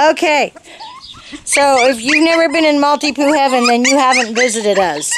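High-voiced woman cooing at puppies. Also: normal speed. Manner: cooing baby talk to puppies, chatty, laughs often. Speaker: puppy breeder. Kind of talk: casual home video narration. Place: indoors inside a puppy exercise pen. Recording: loud background noise with barking dogs.

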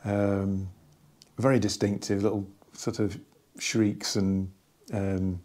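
A man casually talking through an album from his record collection, rambling and enthusiastic with many pauses and restarts. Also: on the low side, level tone, warm tone. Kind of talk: casual hobby vlog.

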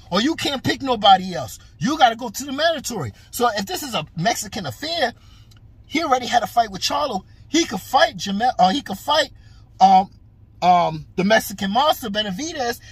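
Husky man ranting, voice swooping high. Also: fairly bright tone, no room sound. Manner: heated, frustrated, emphatic. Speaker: boxing commentator. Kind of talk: casual profane rant.

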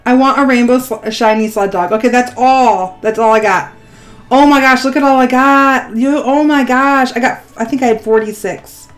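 A woman's voice: fairly high pitch, normal speed, soft background music. A middle-aged woman hosting a gaming vlog, narrating as she plays, often gasping and squealing with delight. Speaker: gaming channel host. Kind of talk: excited gameplay vlog narration.

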